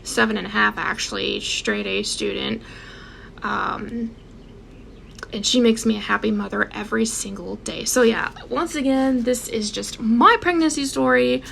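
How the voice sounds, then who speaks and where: Gravelly-voiced woman telling her own story. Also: on the high side, fairly even intonation, a little slow, a bit bright, slight background noise. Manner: emotional, emphatic, with many repeats. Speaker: vlogger. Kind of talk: personal storytelling to camera.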